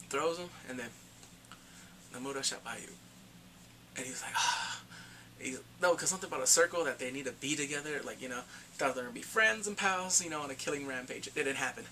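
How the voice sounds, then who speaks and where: A man giving a casual spoken movie review, retelling the plot excitedly and acting out the characters' lines. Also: fairly high pitch, slight background noise.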